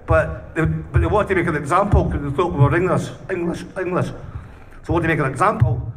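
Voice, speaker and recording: A man's voice: a little high, quick pace. A Scottish man, a punk band's singer, tells a rowdy anecdote in an interview, swearing constantly and laughing as he goes. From Scotland. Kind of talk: casual storytelling. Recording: distant mic with faint noise.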